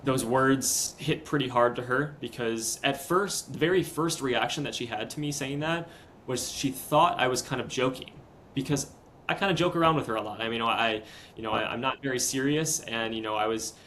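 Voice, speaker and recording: A young man in his twenties, a podcast guest, recounting a hard personal story in a casual, earnest, halting way. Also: mid-range voice, fairly bright tone, a little hiss or hum, poor audio. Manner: earnest, halting, retelling step by step.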